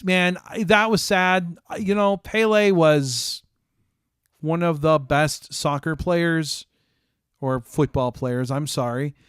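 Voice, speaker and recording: A man's voice: on the high side, fairly bright tone, smooth, no echo, studio quality. An American man hosting a casual stream, chatting with viewers in a rambling way with frequent ums and restarts. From United States.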